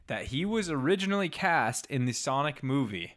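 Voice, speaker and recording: A man's voice: medium pitch, sing-song, moderate pace, a bit bright. A man co-hosting a podcast in casual chat, emphatic and jokey. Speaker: podcast co-host.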